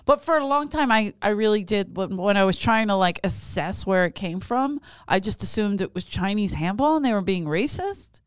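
A woman co-hosting a casual comedic podcast, telling stories with lots of laughter and squeaky quoted voices. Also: moderate pace, hardly any pauses, smooth, no room sound. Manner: animated storyteller, squeals quoted lines high, laughs often. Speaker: podcast co-host.

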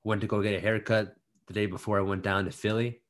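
A man with a somewhat low voice, chatting casually as a podcast co-host. He jokes and chimes in with quick remarks before settling into longer stories. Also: flat delivery. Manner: joking, quick interjections. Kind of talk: casual chat.

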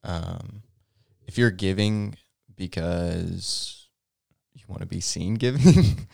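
A man co-hosting a podcast discussion, soft-spoken and hesitant, with frequent ums. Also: deep voice, slow, creaky, no echo, studio quality. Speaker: podcast co-host.

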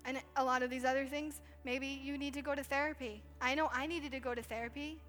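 A woman's voice: sits high, steady tone, fast talker, fairly bright tone, faint music behind. A woman in her thirties giving a conversational sermon in church, telling stories in a chatty way with lots of "like". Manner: chatty storytelling with frequent "like". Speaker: pastor's wife preaching. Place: church stage.

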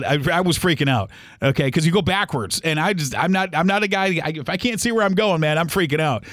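A middle-aged man hosting a podcast, telling a travel story in a casual, animated, rambling way with many restarts. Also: fairly high pitch, dry recording, clean studio sound. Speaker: podcast host.

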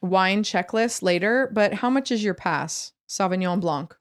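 A young woman co-hosting a relaxed chat show, tossing out quick, playful jokes and asides. Her voice sits at an ordinary middle pitch and she talks in an easy, conversational way. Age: young adult. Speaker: podcast co-host. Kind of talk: casual chat.

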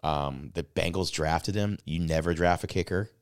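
A man co-hosting a podcast, telling a rambling, excitable story full of swearing, and breaking into yells when worked up. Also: sits low, moderate pace, smooth, no echo, studio quality. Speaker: podcast co-host. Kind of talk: casual chat.

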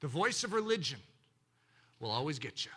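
A male pastor preaching a sermon in an animated way, swinging between loud emphasis and hushed, intimate moments. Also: a little high, moderate pace, husky.

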